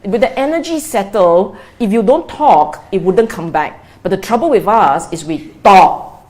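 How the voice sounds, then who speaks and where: A woman's voice: mid-range voice, animated, a little slow, a little mellow. A woman teaching as a Buddhist meditation teacher in a dharma talk, repeating key phrases and asking rhetorical questions.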